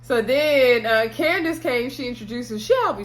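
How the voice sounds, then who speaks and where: A woman's voice: a little high, animated, a little slow. A woman casually recapping a TV episode, chatty, with sassy exclamations and asides.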